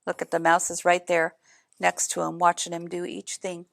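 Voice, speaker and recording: A woman reading a picture book aloud in an expressive way, adding chatty asides to young listeners. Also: lowish voice, normal speed, vocal fry, no echo, clean studio sound. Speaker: storybook reader.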